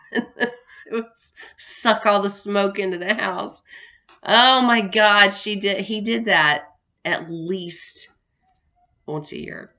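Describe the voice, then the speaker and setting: A woman's voice: fairly low pitch, sharp tone. Rambling woman with a dull lo-fi sound. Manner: rambling, many restarts, laughs often. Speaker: vlogger. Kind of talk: casual storytelling vlog. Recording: dull lo-fi recording.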